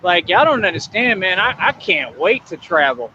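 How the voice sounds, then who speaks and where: A high, bright-voiced man brags and rambles to his viewers on a live stream. The sound is dull and lo-fi, with faint street noise behind him. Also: very animated, moderate pace. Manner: swaggering, rambling. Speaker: livestreamer. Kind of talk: boastful live-stream chat.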